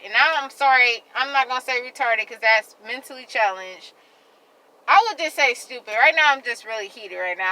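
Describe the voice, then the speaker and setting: A woman vlogger venting to her viewers in a heated, rambling rant, repeating herself and filling every pause with "like.". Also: high-pitched, sharp tone, poor audio. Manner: heated, repetitive rant full of "like". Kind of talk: venting monologue to camera.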